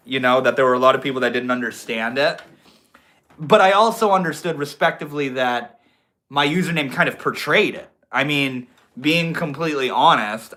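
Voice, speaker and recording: A man's voice: mid-range voice, sharp tone. A young man hosting a livestream, chatting casually with viewers in a laid-back, slangy way. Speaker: livestream host.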